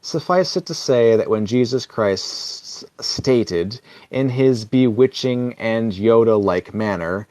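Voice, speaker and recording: A man reads aloud in a relaxed, comic way and keeps drifting into wry side remarks. He often chuckles at his own jokes, and his voice sits at an everyday middle pitch. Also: slow pace, hardly any pauses, no room sound. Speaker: social video reader. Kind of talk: casual comic reading with asides.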